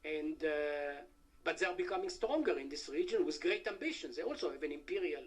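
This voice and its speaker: Halting high-voiced man giving a talk. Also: animated. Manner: halting, many "uh" fillers, wry asides to the audience. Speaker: conference speaker. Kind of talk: academic conference talk. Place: conference hall.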